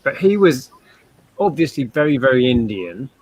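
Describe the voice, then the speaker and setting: A man's voice: mid-range voice, sing-song, normal speed, no room sound, low-quality recording. A man with an English accent, reminiscing easily in a casual group chat. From England. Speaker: chat participant.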